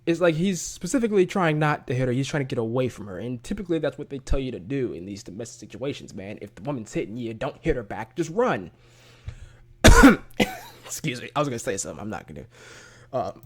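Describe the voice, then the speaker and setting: A man making a casual reaction video as a YouTube commentator, chatty and loose with slang, often breaking into laughter. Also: medium pitch.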